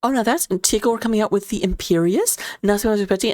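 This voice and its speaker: A woman casting a live video game match as commentator, playful and jokey, her voice jumping up with sudden excitement. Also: medium pitch, fast talker, no echo, clean studio sound. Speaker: esports caster.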